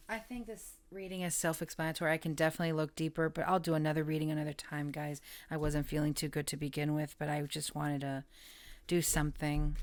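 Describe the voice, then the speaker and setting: Low, soft-spoken woman reading tarot. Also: noisy background. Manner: soft-spoken and musing, trailing off and restarting. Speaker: tarot reader.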